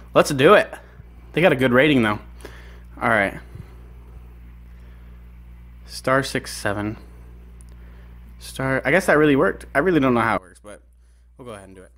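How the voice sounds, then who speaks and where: A man's voice: medium pitch, lively intonation, normal speed, pauses often, a bit bright. A young man making prank phone calls, rambling and swearing, breathless from walking around while he talks. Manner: rambling, breathless, swearing, laughing between asides. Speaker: prank caller and video host. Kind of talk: casual phone prank chat. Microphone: phone on speaker held while walking.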